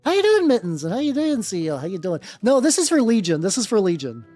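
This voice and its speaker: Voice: medium pitch, sing-song, fast, darkish tone, faint music behind. A miniature-painting streamer chatting casually with viewers while working, rambling with many restarts, swearing offhandedly and greeting chat by name.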